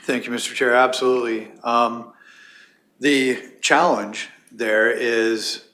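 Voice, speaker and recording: A man from county administration formally answering council questions in a steady, explanatory way. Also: mid-range voice, slow pace. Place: council chamber. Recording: roomy chamber sound.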